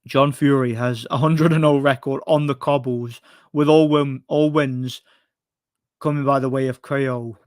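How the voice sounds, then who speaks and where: A man's voice: medium pitch, steady tone, measured pace, a little mellow, no room sound. Male host, casual chat, opinionated rambler who keeps restarting, dry close sound. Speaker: host answering viewer questions.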